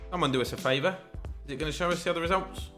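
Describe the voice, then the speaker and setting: A man giving chatty, excitable play-by-play commentary over a football video game. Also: on the high side, racing, soft background music. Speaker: gaming YouTuber.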